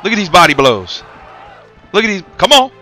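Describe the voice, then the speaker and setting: A man's voice: high-pitched, very animated, a little fast, pushed and bright, faint music behind, some chatter behind, full character voice. A man voicing a cocky heavyweight boxer, commentating a game in character with taunting, rhyming trash talk. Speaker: gaming commentator.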